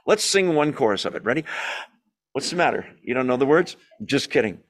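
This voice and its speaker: A man's voice: medium pitch, big pitch swings, fairly quick, a bit bright. A man leading a Bible study, teaching in a conversational, emphatic way, asking his listeners questions and making small jokes.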